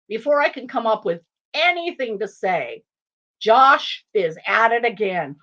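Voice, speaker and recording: A woman tells a family anecdote with a high, lively voice that rises and falls a lot. She is an expressive, animated storyteller at a live online author event. The sound is dull and lo-fi, like a stream. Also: a little slow. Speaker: author and guest reader.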